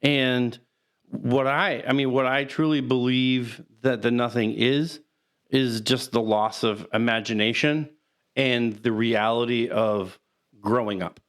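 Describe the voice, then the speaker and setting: A man co-hosting a podcast, talking casually about a film in a rambling, halting way and laughing now and then. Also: mid-range voice, steady tone, a bit bright. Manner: rambling, halting, laughs through sad moments. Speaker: podcast co-host.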